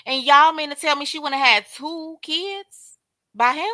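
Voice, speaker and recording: A woman's voice: sits high, a little slow, pushed and bright, no echo. A woman hosting a casual livestream commentary, talking straight to her viewers and calling out chat names. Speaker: livestream host.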